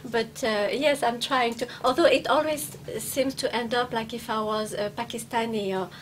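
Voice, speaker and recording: Brief: French-accented woman comedian, fairly high voice, playful, halting, some background noise. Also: fairly even intonation. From France. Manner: playful, laughs often, hesitant with fillers. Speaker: stand-up comedian, guest. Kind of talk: casual interview chat.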